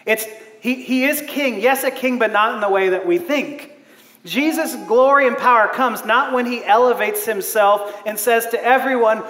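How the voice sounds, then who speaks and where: A man preaching a sermon as a pastor, animated, laughing often and acting out the voices he quotes. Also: extremely high pitch. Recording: echoey hall.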